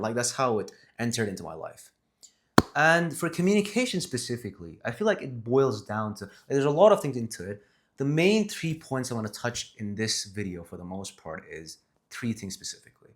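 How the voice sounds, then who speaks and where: A man talking casually to a camera about communication, rambling and correcting himself as he goes, with emphatic stresses. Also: mid-range voice. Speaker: vlogger on communication skills. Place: seated in front of a camera.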